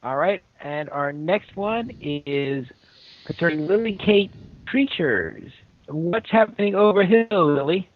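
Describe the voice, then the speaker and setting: Co-host, man, slow delivery, animated pitch, muffled call. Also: no room sound. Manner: unhurried, hands off topics. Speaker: podcast co-host. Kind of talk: casual podcast chat. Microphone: online voice call. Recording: muffled online call audio.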